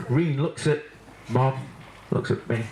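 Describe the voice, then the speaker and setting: At a wedding reception, a man speaks as the bride's brother, telling a story full of laughter, fillers and restarts. His voice is mid-range and slow, with a crowd behind him. The room echoes and the background noise is loud.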